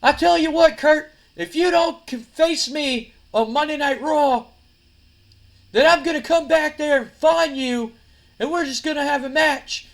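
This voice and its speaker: A man voicing a furious male wrestler who yells threats and challenges. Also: very high voice, unhurried, pitched above the performer's own voice. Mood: angry shouting. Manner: yelling, threatening, heated.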